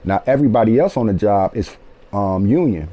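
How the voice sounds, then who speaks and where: A man in his late forties spins a personal story, animated and loose with profanity. He keeps checking in with his listeners. His voice sits low and mellow, with a dark, relaxed tone. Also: brisk, muffled recording. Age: 40s. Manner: animated, profane, keeps asking "you feel me". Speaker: author telling his life story. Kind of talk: casual storytelling.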